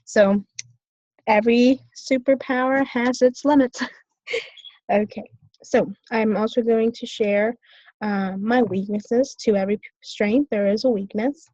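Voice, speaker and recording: A woman's voice: on the high side, steady tone, measured pace, darkish tone, no echo, highs cut off. A young woman in her twenties, a student, talking through her own strengths and weaknesses in a hesitant way, with many fillers and restarts. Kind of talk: self-reflective talk.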